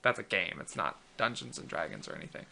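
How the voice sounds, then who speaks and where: A man's voice: deep voice, fast, gravelly. A man in his twenties hosting a casual chat, rambling with lots of fillers and restarts and telling stories with animation. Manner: chatty, many fillers and restarts, animated storytelling. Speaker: host.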